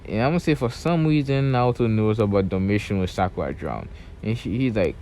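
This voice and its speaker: A man's voice: fairly low pitch, expressive, fairly quick, warm tone. A young man casually retelling a fan-made story in a loose, rambling way, full of fillers and restarts.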